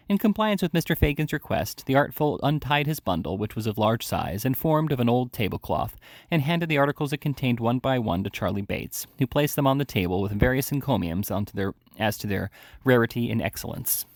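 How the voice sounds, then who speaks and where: A man reading a classic novel aloud in a measured way, with the odd slip and self-correction. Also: mid-range voice, lively intonation, no echo, studio quality. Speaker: reader. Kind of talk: audiobook narration.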